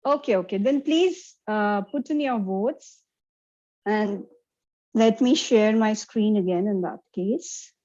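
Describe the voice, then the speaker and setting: A woman's voice: mid-range voice, takes it slowly, a little mellow, lo-fi sound. A woman presenting an interactive online lecture over a video call, often checking in with her audience. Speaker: workshop presenter.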